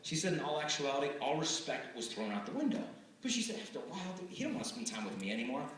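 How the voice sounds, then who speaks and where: A man giving a lively live talk to a student audience, often acting out the voices of the people in his stories. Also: a little high, racing. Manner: animated, acts out quoted voices. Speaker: speaker addressing students. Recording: echoey hall from far off, faint hiss.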